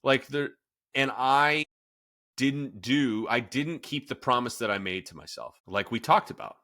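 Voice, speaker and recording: A podcast host in his thirties who works as a fitness coach talks candidly about himself, full of fillers and false starts. His medium-pitched voice is animated, pushed and bright, and a little slow.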